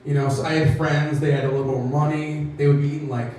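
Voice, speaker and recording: A man's voice: a little high, flat delivery, fast talker, a little mellow, far from the mic. A man doing a stand-up comedy set, self-deprecating and acting out characters in voices, recorded in an echoey room from off the mic.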